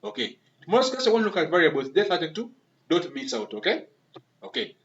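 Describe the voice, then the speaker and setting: A man's voice: on the high side, very animated, fast talker. Repetitive male coding teacher, dull recording. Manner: repetitive, keeps asking "okay?"; encouraging, addresses viewers as members and guys. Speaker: web development instructor. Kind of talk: screen-recorded coding lesson.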